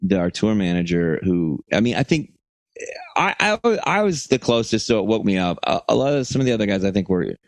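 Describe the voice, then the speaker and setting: A man co-hosting a podcast, telling a long profane story in a rambling, animated way, acting out the quotes. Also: fairly low pitch, brisk, no room sound. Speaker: podcast co-host. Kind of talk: casual storytelling chat.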